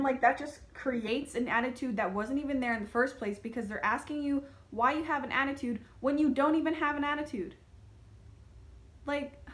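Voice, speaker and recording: A young woman vlogging a casual rant, chatty and full of "like", slipping into animated quoted asides. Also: high voice.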